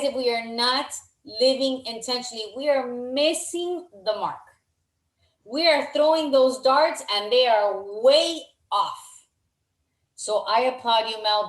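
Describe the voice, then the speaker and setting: A woman leading a motivational team video call, warmly effusive and encouraging, repeating her praise. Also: on the high side, echoey room, poor audio.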